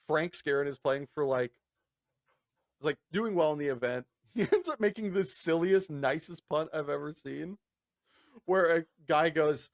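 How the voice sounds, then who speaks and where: Telling a long, casual story, this podcast co-host swears freely, laughs, and mimics others in high-pitched voices with lots of animation. His voice is captured at studio quality with no echo.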